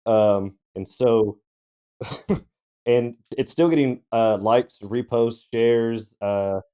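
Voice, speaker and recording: A man's voice: medium pitch, very slow, warm tone, clean tone. A man co-hosting a casual podcast chat, telling a laid-back story with chuckles. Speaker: co-host.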